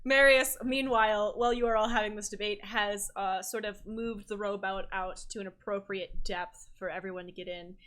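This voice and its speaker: A woman game master narrating a tabletop game, her voice bright and forward. She rambles a little and corrects herself mid-sentence. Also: medium pitch, fairly even intonation, normal speed, few pauses.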